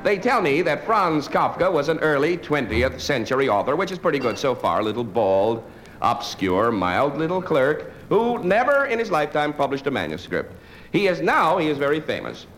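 Male stand-up comic, dry and wry, animated pitch, noisy live recording. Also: normal speed. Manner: dry, wry delivery with hesitant fillers. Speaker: stand-up comedian. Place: stage before a live audience.

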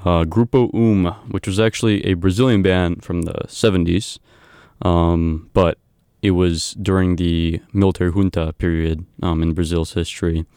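A man with a deep, flat voice casually back-announces songs on the radio, stopping often for ums and uhs. His tone is smooth and clear. The studio sound is dry and close, with no room echo. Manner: halting, many ums and uhs.

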